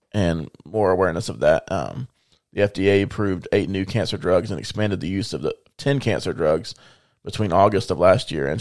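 A man co-hosts a podcast and walks through news in a steady, informative way. His voice is fairly low and the sound is dry and close. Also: gravelly, no room sound. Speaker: podcast co-host. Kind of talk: casual chat sharing news.

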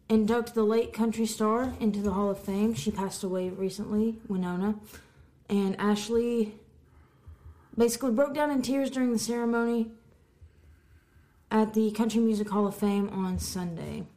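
A woman co-hosting a podcast, reading music news headlines in a casual chat with quick asides and the odd stumble over words. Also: on the high side, warm tone. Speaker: podcast co-host.

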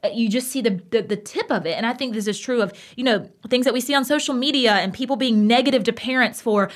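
A woman, co-hosting a casual podcast chat and talking in an emphatic, passionate, animated way. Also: fairly high pitch, fast, hardly any pauses. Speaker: podcast co-host.

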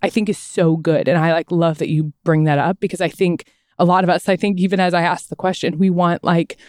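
A woman co-host with a somewhat low voice talks in a heartfelt, meandering way. She leans often on filler words as she works through her thoughts. The sound is close and dry. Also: fairly even intonation, brisk, a little mellow, no room sound. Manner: heartfelt, rambling with frequent "like". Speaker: podcast co-host. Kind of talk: conversational interview.

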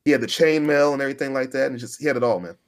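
A man co-hosting a podcast in casual chat, an animated storyteller who acts out the voices of the people he quotes. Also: medium pitch, very fast. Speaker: podcast co-host.

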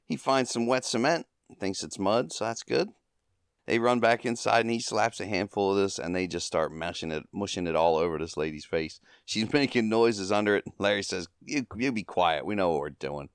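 A man with a low, clear voice hosts a podcast and casually recaps a comedy short. He chuckles often as he retells the gags. The sound is dry and close. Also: normal speed, no room sound. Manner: chuckling often, acting out quoted lines.

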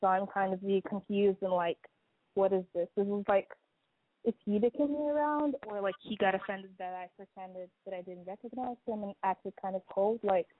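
A woman's voice: medium pitch, moderate pace, no echo. A woman in her twenties calling in to a radio show, telling a rambling story full of "like"s. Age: 20s. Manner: rambling, chatty storytelling with many "like"s. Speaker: caller. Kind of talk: call-in story. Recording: dry, tinny phone line.

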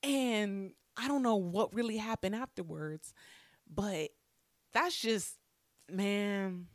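A young woman telling a childhood story in a casual, animated way. She swears freely and acts out the lines people said. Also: mid-range voice, slow, dry recording, clean studio sound. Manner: animated, profane, acts out quotes.

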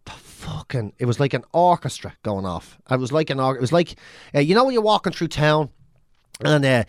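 A man's voice: on the high side, a little fast, no room sound, clean studio sound. Irish man ranting with constant swearing. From Ireland. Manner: swears constantly, animated rants with mimicked drum sounds. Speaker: podcast co-host. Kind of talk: casual chat.

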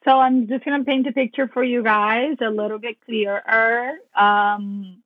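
A woman talking casually on a podcast, telling a story with lively energy and casual swearing. She acts out her own past thoughts as she goes. Her voice comes through a thin, phone-like line with a dry sound and a slightly high pitch. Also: a little slow, dry recording. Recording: phone-like narrow band, dry.

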